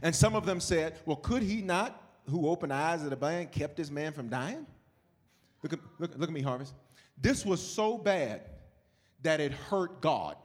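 A man preaching a sermon as pastor, moving from loud shouted calls to quiet, hushed storytelling. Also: on the high side, expressive, moderate pace.

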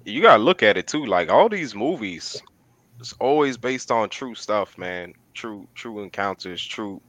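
A man co-hosting a podcast, telling stories in a casual, animated way with lots of slang. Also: lowish voice, measured pace, poor audio. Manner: animated storytelling with slang, says "man" often. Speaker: podcast co-host. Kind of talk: casual chat.

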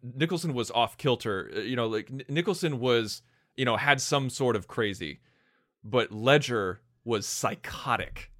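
A man's voice: medium pitch, a little slow, a bit bright, no room sound, studio quality. A man eagerly sharing his opinions in casual podcast conversation, leaning heavily on "like" and "you know.". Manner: enthusiastic, heavy on "like" and "you know". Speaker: podcast co-host.

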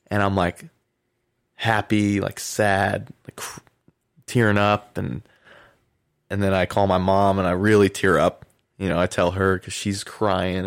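A man, a former pro baseball player, telling an animated story in a podcast interview and acting out the quotes. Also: deep voice, vocal fry, no room sound, clean studio sound. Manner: animated anecdote, acts out quotes, laughs often.

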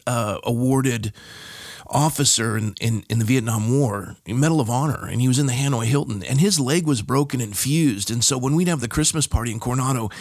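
This is a mid-range male voice, a middle-aged Californian pastor guesting on a podcast and recounting something from his own life. He stresses his points and pushes his voice up at the big moments. The studio sound is clean and free of any room echo.

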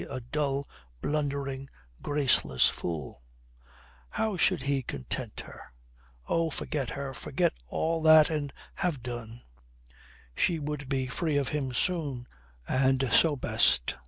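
Brief: male audiobook reader, husky, dry close sound. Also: mid-range voice, a bit bright, no room sound. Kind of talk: audiobook narration.

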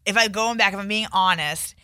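A woman's voice: medium pitch, fairly quick, bright, forceful tone, clean tone, no room sound, clean studio sound. A young woman telling a story in casual chat, rambling and full of fillers.

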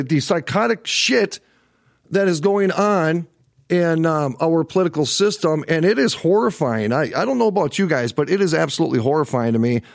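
A fired-up middle-aged man hosts his own livestream and rants with heat. He swears freely and hammers his points by saying them again. His voice sits a little high for a man and sounds close and dry, with no room echo. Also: vocal fry. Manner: heated, profane, repeats himself for emphasis. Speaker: host of a livestream political show. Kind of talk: angry livestream political rant.

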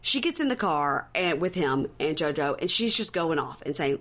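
Woman co-host, gossipy recap, animated quoting, casual chat. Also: normal speed, few pauses. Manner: animated storyteller who acts out quotes with big pitch jumps; profane, gossipy. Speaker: podcast co-host recapping a reality show.

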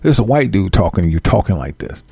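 A man's voice: low voice, sing-song, quick pace, gravelly, warm tone, breathy edge, no room sound, clean studio sound, voice pushed down, full character voice. Man putting on a pushy white label exec. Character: white male record label executive, pushy.

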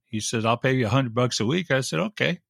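A man who works in radio, telling animated, wry anecdotes in a casual chat. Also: mid-range voice, fast talker, vocal fry, no room sound, clean studio sound. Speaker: radio DJ guest.

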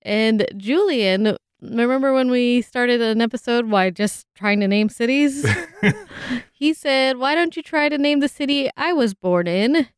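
A woman's voice: fairly high pitch, measured pace, clean tone, no room sound, studio quality. A woman co-hosting a trivia podcast in casual chat, laughing often between lines. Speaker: podcast co-host.

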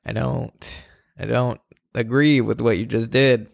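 A man's voice: medium pitch, steady tone, a little slow, gravelly. A man co-hosting a podcast, chatting casually, upbeat and joking as he plugs the show. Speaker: podcast co-host.

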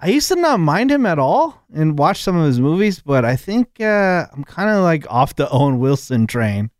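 A man's voice: fairly high pitch, big pitch swings, normal speed, no room sound, clean studio sound. A man cohosting a radio show, easygoing and agreeable in casual banter.

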